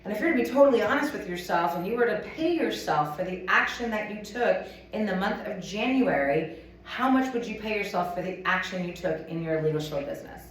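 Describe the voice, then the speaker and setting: A woman giving a chatty, animated sales training talk to a live audience, acting out little scenes as she goes. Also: mid-range voice, brisk, a little hiss or hum. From United States. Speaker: motivational speaker at a sales event. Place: conference room with a live audience. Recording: echoey room, from a distance.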